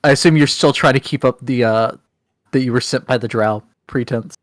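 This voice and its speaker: A man's voice: mid-range voice, fairly quick, dry recording, clean studio sound. A man running a tabletop game as game master, narrating casually and correcting himself.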